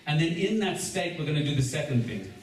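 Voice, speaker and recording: A man, a rabbi leading a seder, teaching a live gathering in a joking, energetic way and addressing the crowd directly. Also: on the high side, fairly quick. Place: large echoey room with a gathering. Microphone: distant room recording. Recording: echoey room recording from far off with background noise.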